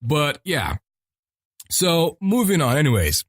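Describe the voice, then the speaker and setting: A man's voice: medium pitch, animated, measured pace, no room sound, clean studio sound. A man hosting a podcast in casual chat, rambling and swearing freely as he rants. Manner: rambling and profane. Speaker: podcast host.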